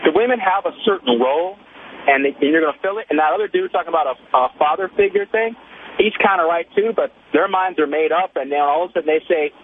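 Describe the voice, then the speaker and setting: A man in his twenties phones a radio talk show and spins a boastful story in loose, slangy chat. His voice is fairly high and his pace quick, coming through a tinny phone line with a faint hiss.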